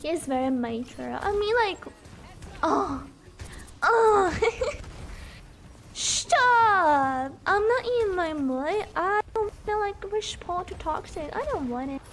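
A young woman streaming a game, chatting casually, sleepy, chatty and loudly reacting to the play. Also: extremely high pitch, expressive, measured pace, slight background noise. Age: young adult. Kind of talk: casual gameplay chat.

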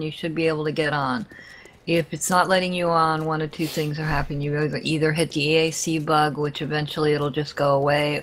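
A woman on voice chat calmly explaining a game connection problem. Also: low voice. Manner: calm, explanatory. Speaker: stream caller giving tech help.

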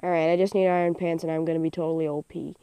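A teenage girl giving casual, self-mocking commentary over her own game, sometimes bursting into loud cheers. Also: sits low, level tone, rapid-fire, smooth, no room sound. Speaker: gaming channel host. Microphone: phone screen recording.

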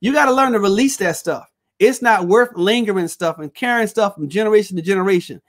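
A man's voice: high-pitched, a little fast, fairly bright tone. A male pastor teaching a Bible study, preaching with call-and-response phrases and reading scripture aloud.

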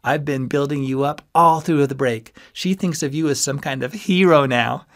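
A man's voice: mid-range voice, moderate pace, voice pushed up, close to an everyday voice. A man voicing a cocky, scheming young male college student who teases and mocks his friends in an audiobook. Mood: teasing. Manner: teasing, loud and mocking.

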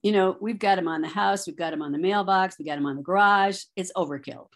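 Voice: mid-range voice, fast, voice pushed up, close to an everyday voice. A person playing a chatty woman homeowner on a sales call role-play. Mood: friendly.

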